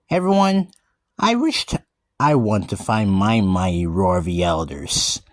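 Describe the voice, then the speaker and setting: Guy doing a slow earnest in-character monologue, voice goes up and down a lot, halting, dry close sound. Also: lowish voice, very animated, dry recording. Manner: halting and earnest, restarts words, keeps addressing everyone. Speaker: vlogger describing himself as a wildcat.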